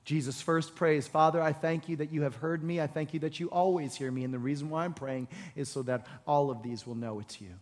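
Male pastor, high pitch, storytelling sermon that climbs to shouting, big reverberant room. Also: steady tone, fairly quick, few pauses. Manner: storytelling, voicing the Bible figures, building to shouts. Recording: long hall reverb.

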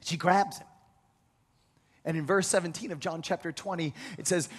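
A man preaching a sermon, retelling a scripture story with lively acted-out quotes and frequent restarts. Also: high voice, moderate pace, gravelly, breathy edge. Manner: animated storytelling, acts out quoted voices, many restarts.

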